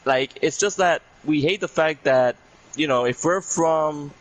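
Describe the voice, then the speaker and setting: A man's voice: fairly high pitch, unhurried, poor audio. A man from Puerto Rico, a guest on a casual podcast, telling a story in a rambling way and repeating "I'm there like".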